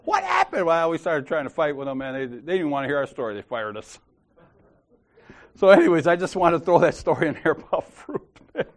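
A high-voiced man with a lively, swooping delivery, spinning a story full of slang and laughter for his church group. His pitch leaps up and down all the way through, and he talks in a loose, casual way. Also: fairly quick. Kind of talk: casual storytelling and Bible discussion.

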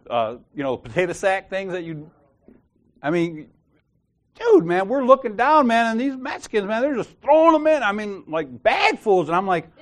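A high-voiced man with a lively, swooping delivery, spinning a story full of slang and laughter for his church group. His pitch leaps up and down all the way through, and he talks in a loose, casual way. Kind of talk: casual storytelling and Bible discussion.

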